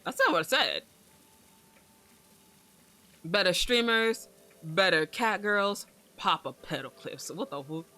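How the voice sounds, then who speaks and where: A woman's voice: fairly low pitch, expressive, takes it slowly, pauses often, pushed and bright, faint music behind. A young woman streaming, chatting casually in a rambling way, swearing freely and laughing often. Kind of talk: casual livestream chat.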